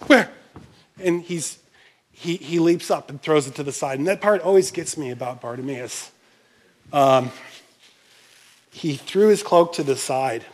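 A man preaching a sermon as pastor, animated and conversational, acting out scenes and speaking to the congregation with frequent asides. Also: mid-range voice. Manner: animated, uses props and acts out scenes.

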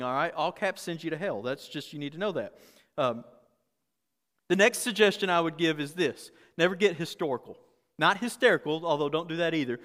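A pastor preaching a candid, conversational sermon with humor and frequent restarts. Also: male voice, a little high, a bit bright, in a large hall.

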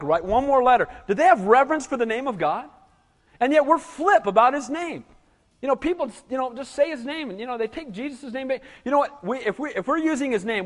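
A man with a notably high voice preaches a sermon with animated, conversational energy, often checking in with his listeners. His voice carries a long reverb, as if in a large church sanctuary. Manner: animated, conversational preaching with frequent "Amen?" calls. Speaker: pastor.

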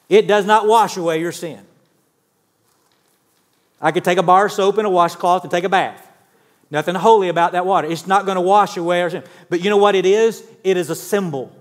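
A pastor in his fifties preaches to his congregation in a warm, conversational way, often stopping to ask them questions. His voice sits fairly high for a man. The sound has the long reverb of a church hall. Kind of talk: sermon. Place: church sanctuary.

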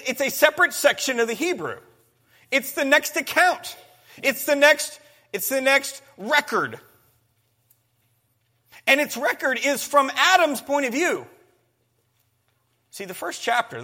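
A man delivering a sermon in a high, bright voice that swings widely in pitch. He talks emphatically, doubling back on phrases as he goes and calling on the congregation to follow along. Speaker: preacher.

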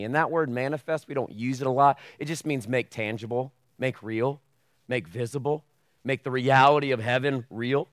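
A man preaching a sermon in a church, opening with a hushed, earnest prayer and then talking casually and acting out the voices he quotes. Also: medium pitch, moderate pace, dry recording, studio quality. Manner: hushed, earnest tone while praying. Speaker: pastor. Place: church sanctuary with a video screen.

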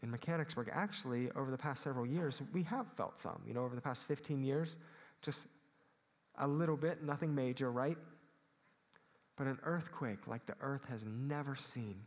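A man's voice: medium pitch, moderate pace. A man, preaching a sermon as pastor, earnest and calling out for amens. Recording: long hall reverb.

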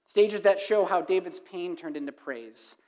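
A woman's voice: on the low side, lively intonation, measured pace, warm tone. A woman preaching a sermon to her congregation, emphatic and building to impassioned, repeated questions. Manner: emphatic, rising to impassioned repetition.

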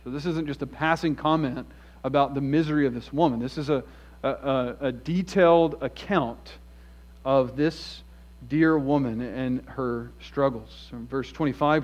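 Male pastor, earnest sermon, medium pitch, slightly muffled lo-fi audio. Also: unhurried. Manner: earnest, storytelling, shifts between emphatic and hushed. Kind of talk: expository sermon. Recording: dull lo-fi sound.

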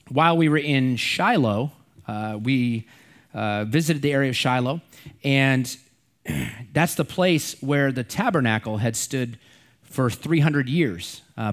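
A middle-aged man preaching a sermon in a conversational way, repeating and stressing key words. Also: mid-range voice. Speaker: pastor.

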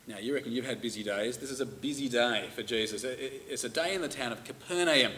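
A man's voice: medium pitch, quick pace, pushed and bright, a little hiss or hum. A middle-aged man preaching a conversational sermon and reading scripture aloud with emphasis. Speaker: pastor.

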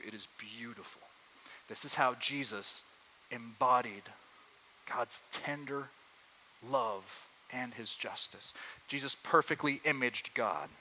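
A man's voice: medium pitch, a little slow, pauses often, pushed and bright, a little hiss or hum, poor audio. A man preaching a sermon to a room in a conversational way, often asking his listeners rhetorical questions.

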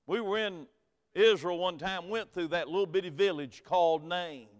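Southern preacher with a high, ringing voice. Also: male voice, moderate pace. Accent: Southern American. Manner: folksy storytelling, swings from quiet to loud emphatic preaching. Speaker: pastor. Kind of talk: sermon. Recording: hall reverb.

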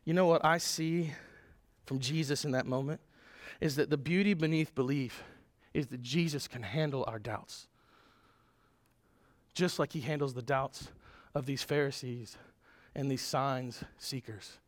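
A man's voice: medium pitch, a little slow, pauses often. A man preaching a sermon as a pastor, earnest and emphatic, with small restarts as he talks.

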